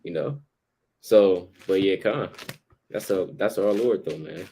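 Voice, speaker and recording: A man with a low voice talking through scripture in a loose, slangy way, laughing now and then. The chat is easygoing and conversational, like friends breaking down a chapter. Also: measured pace, vocal fry, warm tone, slight background noise. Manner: casual, slangy, laughs often. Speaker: Bible study co-host. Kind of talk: casual religious discussion.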